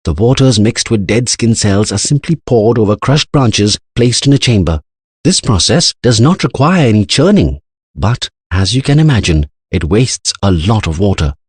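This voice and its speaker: Man reading as anxious scientist, earnest explainer, husky voice, lively pitch. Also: normal speed, no echo. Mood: grave. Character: anxious older male scientist.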